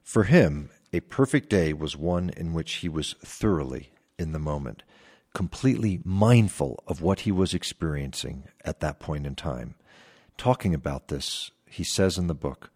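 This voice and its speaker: A man's voice: unhurried, husky. A man in his fifties hosting a podcast, telling a reflective story in a scripted monologue. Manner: reflective storytelling with lively pitch swings. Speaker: podcast host.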